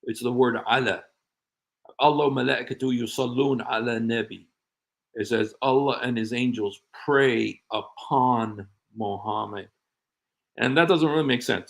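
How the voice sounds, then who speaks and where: A middle-aged man hosting a casual livestream chat, rambling and animated with frequent laughs. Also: medium pitch, unhurried, vocal fry, rough recording. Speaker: show host.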